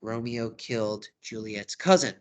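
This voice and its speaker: A man's voice: on the low side, a little slow. A man teaching drama, walking through a study guide in a casual, conversational way. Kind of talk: lesson recap video.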